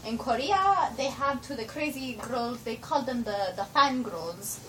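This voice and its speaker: A woman's voice: fairly high pitch, animated, unhurried, pushed and bright. A woman putting on a giggly foreign-accented persona. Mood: playful. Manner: broken grammar with stray "to the", giggly. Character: excitable foreign-accented young woman in broken English. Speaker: roommate. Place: home room. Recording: noisy home video from a distance.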